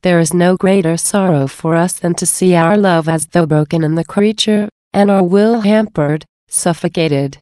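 A tender, solemn divine man speaks in an earnest devotional reading, with a woman reading his words. The voice sits low and mellow. It is recorded close and dry. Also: normal speed, hardly any pauses, no echo, lightly acted.

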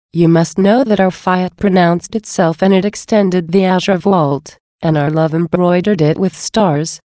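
A woman voicing Jesus as a gentle, loving divine speaker, in a slow, measured devotional reading. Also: fairly low pitch, no echo, clean studio sound, natural voice.

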